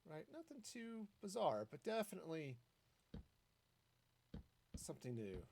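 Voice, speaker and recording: Chatty man with a lively voice. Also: unhurried, vocal fry, background noise. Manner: chatty and rambling, lively swings in pitch. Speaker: streamer. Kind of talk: casual gameplay commentary.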